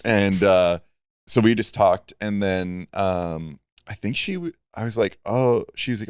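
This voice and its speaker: A man's voice: lowish voice, brisk, smooth, dry recording. A man co-hosting a podcast, chatting in a laid-back way with dry quips. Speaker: podcast co-host. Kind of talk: casual chat.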